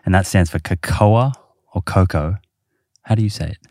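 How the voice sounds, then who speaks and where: A man's voice: low-pitched, very fast, darkish tone, dry recording, studio quality. A man hosting a podcast, explaining research casually with many fillers. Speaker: podcast host. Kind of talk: casual chat.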